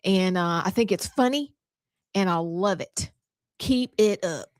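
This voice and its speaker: A woman's voice: fairly low pitch, a little slow, no echo, studio quality. A middle-aged woman hosting a show, chatting playfully with her co-host. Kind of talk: casual chat.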